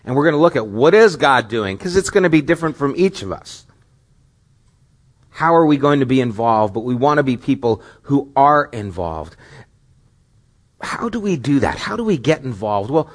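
A man's voice: mid-range voice, very animated, normal speed. A middle-aged man preaching a sermon as pastor, earnest and questioning, with rising emphatic stretches.

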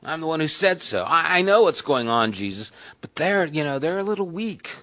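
A man's voice: a little high, sing-song, normal speed, a bit bright, pitched above the performer's own voice. A man voicing a burly, earnest male fisherman disciple who pleads insistently. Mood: earnest pleading.

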